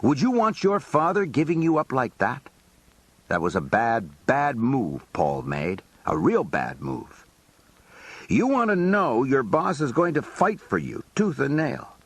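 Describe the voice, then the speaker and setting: A man's voice: mid-range voice, huge pitch swings, a little slow, husky, dry recording. A man narrating a first-person memoir in a colloquial, streetwise storytelling manner. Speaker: audiobook narrator.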